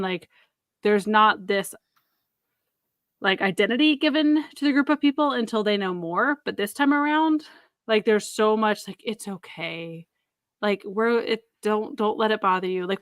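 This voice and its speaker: A woman co-hosting a podcast in casual chat, rambling and animated, laughing easily and swearing. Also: on the high side, no echo, clean studio sound. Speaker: podcast co-host.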